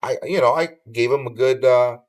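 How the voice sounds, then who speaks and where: Older socal dude telling a wild story on a podcast, curses a lot, lively, plain mid voice. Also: male voice, medium pitch, moderate pace. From Southern California. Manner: animated storyteller who swears casually and acts out others' lines. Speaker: podcast guest. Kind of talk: casual storytelling interview.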